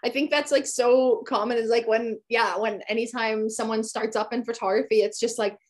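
A woman's voice: a little high, fairly even intonation, moderate pace. A young adult woman hosting a casual interview podcast, chatty and full of "like" fillers. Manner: chatty, peppers speech with "like".

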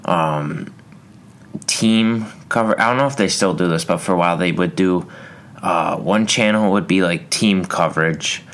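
A man's voice: deep voice, measured pace, fairly bright tone. A young man hosting a solo podcast, rambling through a casual rant with lots of fillers and restarts. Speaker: podcast host.

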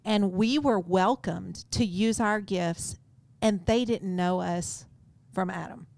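A woman co-hosting a faith podcast who explains things in a calm, steady way. Her pitch is middle for a woman. The recording is dry and close-miked. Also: slow, creaky, dry recording. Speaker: podcast co-host. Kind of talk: casual faith podcast chat.

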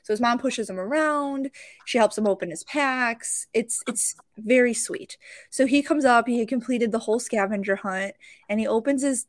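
A woman's voice: fairly high pitch, moderate pace, dry recording. Chatty woman host with a dry, close sound. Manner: animated, emotional, with many fillers and restarts. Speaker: podcast host and card show vendor. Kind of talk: casual storytelling.

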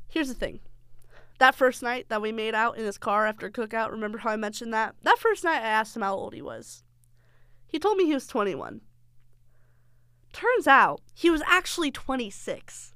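Young woman podcasting, blunt and sarcastic, swears a lot, kinda high smooth voice, dry close mic. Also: animated, moderate pace, fairly bright tone, dry recording. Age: young adult. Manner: frank, sarcastic, swears freely. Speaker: podcast host. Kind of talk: candid storytelling monologue.

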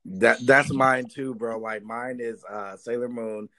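A man's voice: medium pitch, fairly even intonation, measured pace, sharp tone, no room sound. A man interviewing in a casual chat, asking short, easygoing questions.

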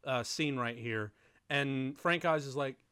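A man chatting casually while watching a movie with friends, excitable, laughing often and swearing in mock outrage. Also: medium pitch, unhurried, smooth, dry recording, studio quality. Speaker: movie commentary co-host.

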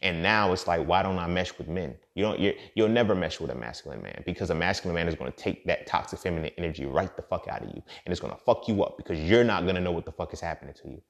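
A man with a very low, deep voice delivers a loose podcast monologue. He swears freely and sounds preachy, leaning on fillers like "you feel me" as he works through his points. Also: fast talker, creaky, hardly any pauses. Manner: profane, preachy, conversational with many fillers. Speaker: podcast host. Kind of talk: casual monologue.

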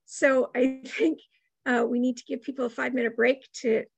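A woman hosting an online gathering, her voice sitting a little high with a husky, gravelly edge. The sound is dry and close, and she moves things along calmly and without hurry. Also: moderate pace, no room sound. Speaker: host.

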